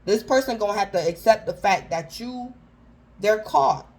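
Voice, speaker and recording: A tarot reader gives a casual, chatty reading, repeatedly calling her listener by their star sign, using informal slangy phrasing and frequent restarts. Her medium-pitched voice is animated and darkish in tone, at normal speed. The recording is rough.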